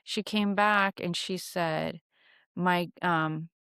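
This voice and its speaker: A woman's voice: on the low side, steady tone, slow, fairly bright tone, clear, resonant tone, dry recording, clean studio sound. A young woman hosting a witchcraft podcast, telling stories and teaching in a candid, casual way, swearing freely and using many fillers. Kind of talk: casual storytelling lesson.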